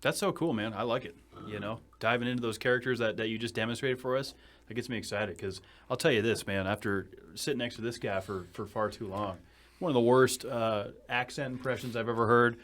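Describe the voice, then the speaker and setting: A man's voice: mid-range voice, fairly even intonation, brisk, fairly bright tone. A man from New England hosting a podcast, upbeat and joking, often saying "you know". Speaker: podcast host. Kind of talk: casual podcast chat.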